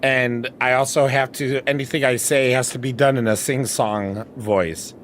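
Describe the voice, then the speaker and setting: A man's voice: medium pitch, fairly even intonation, moderate pace, fairly bright tone, slight background noise. A man streaming, chatting casually with friends and talking himself through tasks as he goes. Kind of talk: casual livestream chat with friends.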